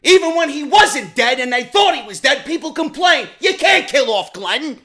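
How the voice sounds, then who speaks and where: A vlog host delivers a profane rant. His voice sits very high and sounds bright and edgy. He swings from shouted outbursts down to low, grumbling asides. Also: big pitch swings, normal speed. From New York. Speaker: YouTube show host. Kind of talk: ranting commentary vlog.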